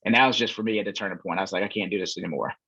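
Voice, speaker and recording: A man's voice: deep voice, rapid-fire, breathy edge, no echo. A man in casual conversation as a podcast guest, telling a long story with lots of fillers and acted-out quotes. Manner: relaxed storyteller, many fillers, acts out quoted voices. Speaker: podcast guest, real estate investor. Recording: dull, dry, lo-fi sound.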